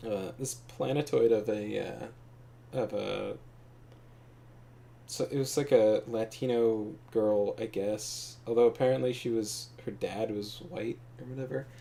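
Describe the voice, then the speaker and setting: A man's voice: on the low side, fairly even intonation, a little slow, gravelly, dark tone. A man hosting a co-op gameplay video, telling stories in a rambling, profane way and laughing often. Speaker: co-op gameplay host. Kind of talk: casual storytelling chat.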